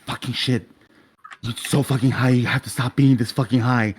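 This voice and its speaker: A man's voice: medium pitch, level tone, moderate pace, husky, lightly acted. A man voicing a scared, drugged young man who stammers and swears in panic. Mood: frantic.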